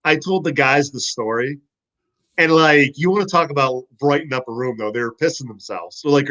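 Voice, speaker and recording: A man, a former football player, telling stories in a casual podcast chat, animated and profane. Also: mid-range voice, moderate pace, lo-fi sound.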